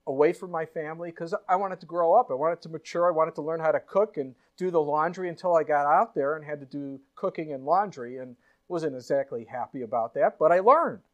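A man's voice: fairly high pitch, a little fast, hardly any pauses, dull audio. A man, a pastor, preaching a sermon in an earnest way, full of rhetorical questions and acted-out quotes. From United States.

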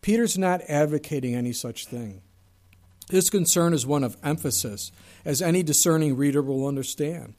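A man's voice: fairly high pitch, moderate pace, a little mellow. A middle-aged male pastor giving a sermon in a conversational way, with asides and bits of humor.

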